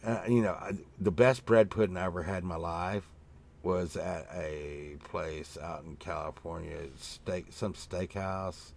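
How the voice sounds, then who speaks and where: Low-voiced rambling man host. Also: steady tone, unhurried, vocal fry, a little hiss or hum. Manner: meandering storytelling with swearing and many fillers; acts out his own past remarks in a raised voice. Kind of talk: casual rambling chat.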